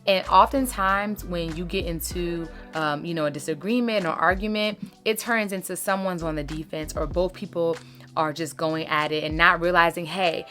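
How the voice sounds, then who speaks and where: A woman's voice: lowish voice, steady tone, normal speed, a bit bright, soft background music. A woman, giving casual, emphatic advice to her followers as a lifestyle creator. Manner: chatty, emphatic, uses "sis" and "baby".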